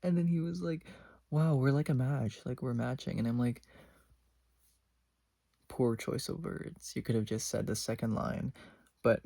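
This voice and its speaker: Teen boy vlogger, exasperated storytime rant, gravelly and dark tone, dry sound. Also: mid-range voice, fairly even intonation, measured pace, long pauses, no echo. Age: teens. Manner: exasperated, dips into whispers.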